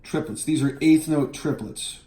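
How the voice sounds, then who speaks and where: A man explaining how to chart a drum part, counting beats out loud and scatting the fills. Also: on the high side, unhurried. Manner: counts beats aloud and scats drum parts. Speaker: drum teacher. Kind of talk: instructional walkthrough. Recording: roomy, with music playing.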